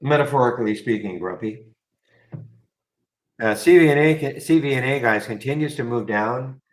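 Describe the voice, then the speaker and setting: A man's voice: medium pitch, a little fast, low-quality recording. A man hosting a live trading room, chatting loosely and wryly to viewers as he reads market news. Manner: rambling, wry, talks to chat viewers.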